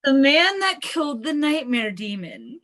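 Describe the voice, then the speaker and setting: A woman player describing her character's actions in a tabletop game, low-key and wry. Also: sing-song, unhurried, fairly bright tone.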